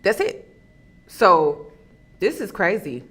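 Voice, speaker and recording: A woman's voice: medium pitch, very animated, slow, a bit bright. A woman hosting a reaction commentary, emphatic and exasperated, often turning to her viewers. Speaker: commentary host.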